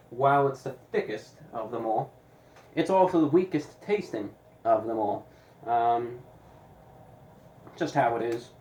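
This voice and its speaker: A man reviewing pizza in a deliberate, casual way, with dry sarcastic asides. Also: mid-range voice, darkish tone, roomy sound, a little hiss or hum, rough recording. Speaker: food reviewer.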